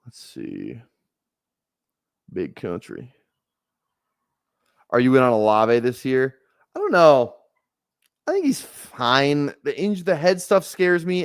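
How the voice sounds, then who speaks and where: A man's voice: medium pitch, dry recording, clean studio sound. A man casually rambling on a live stream while drafting fantasy football, talking loosely with filler words and the odd curse. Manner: laid-back rambling with frequent laughs and swearing.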